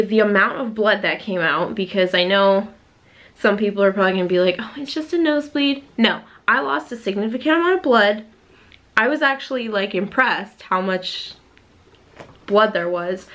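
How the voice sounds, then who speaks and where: A woman's voice: medium pitch, a bit bright. A young adult woman talking frankly to camera in a casual vlog, open and unfiltered, with the odd swear word. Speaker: vlogger preparing for a physique competition. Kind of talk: candid casual vlog talk.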